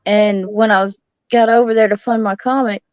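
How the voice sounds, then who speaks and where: A woman's voice: medium pitch, normal speed, clear, resonant tone, no echo, lo-fi sound. A woman from Alabama, chatting casually and giggling often. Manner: giggly, relaxed. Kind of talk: casual chat.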